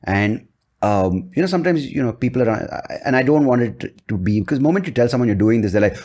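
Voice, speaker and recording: A man's voice: medium pitch, expressive, fast talker, a little mellow. A man hosting a casual podcast interview, chatting easily and telling personal anecdotes. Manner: chatty, acts out others' voices in quotes. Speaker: podcast host.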